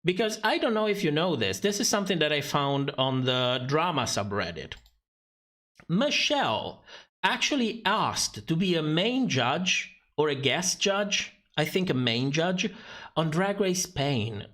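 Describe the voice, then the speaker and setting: A man's voice: a little high, big pitch swings, measured pace, a bit bright. A man giving sarcastic, profane livestream commentary on a drag competition show, often laughing mid-sentence.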